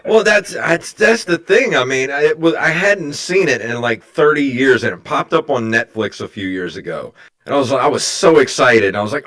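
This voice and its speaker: A man chatting as a podcast guest, candid and quick to laugh. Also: medium pitch, animated, a bit bright. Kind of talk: casual chat.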